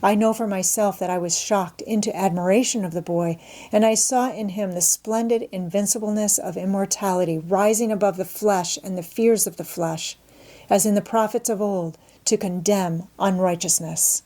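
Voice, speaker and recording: A woman narrating a classic novel aloud in a measured, expressive storytelling manner. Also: medium pitch. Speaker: audiobook narrator.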